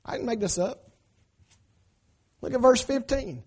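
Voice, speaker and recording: High-voiced preacher man. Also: animated, measured pace, pauses often. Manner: emphatic, swinging between loud cries and hushed asides, call-and-response. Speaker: pastor. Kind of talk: sermon. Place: church.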